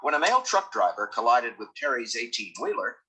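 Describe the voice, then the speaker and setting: Brief: male documentary narrator, bright and husky, lively pitch. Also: fairly quick, poor audio. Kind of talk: scripted narration.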